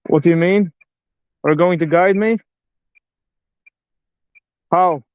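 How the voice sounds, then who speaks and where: A man's voice: sits high, slow, clean tone, no echo, highs cut off. Jittery man on a ghost hunt. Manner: jumpy, swearing, questioning a spirit box. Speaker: live streamer. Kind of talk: live ghost-hunting stream. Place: old abandoned railway house. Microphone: handheld phone on a live stream.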